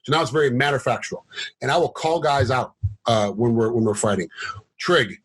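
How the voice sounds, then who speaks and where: A middle-aged man with a husky, slightly breathy voice and a mid-range pitch, talking as an interview guest. He tells rambling, animated stories with plenty of fillers and restarts, jumping into quotes with a raised voice. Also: normal speed, poor audio. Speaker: guest, former fighter turned commentator and referee. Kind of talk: casual interview storytelling.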